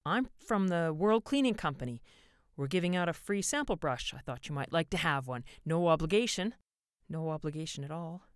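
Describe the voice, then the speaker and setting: A woman's voice: low voice, animated, moderate pace, smooth, no echo, studio quality. A woman voicing an anxious, shaken young man who talks in a breathless, hesitant way. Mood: polite.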